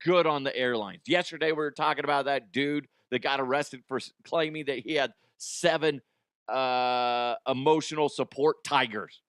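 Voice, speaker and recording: A man hosting a comedy news show, ranting crudely and mocking the stories, with quick jumps into silly voices. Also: medium pitch, fairly bright tone, clean tone, no echo, clean studio sound. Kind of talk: profane comedic news commentary.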